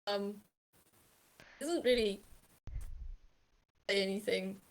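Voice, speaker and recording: A woman narrating a tabletop game as game master, in a hesitant manner with many pauses and ums. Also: medium pitch.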